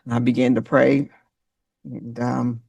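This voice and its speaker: A woman delivers a motivational talk with a preacher's fervor, speaking straight to her listeners and naming them one by one. Her voice carries a gravelly edge. She sits back from the mic in a dry, deadened space. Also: extremely low pitch, level tone, unhurried, darkish tone, no echo, recorded from a distance, muffled recording. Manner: emotional, preacher-like, calls on listeners by name.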